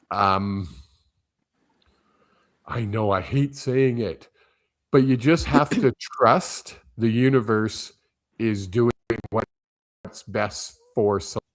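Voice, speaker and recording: Slow, gentle-talking man medium. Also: on the low side. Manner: gentle, reassuring, loose phrasing with ums. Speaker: medium giving a reading. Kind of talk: casual spiritual reading on a live stream.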